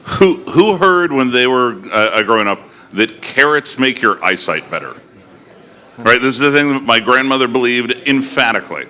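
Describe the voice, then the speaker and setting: A man moderating a live conference panel, wry and quick to throw in jokes. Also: mid-range voice, lively intonation, sharp tone.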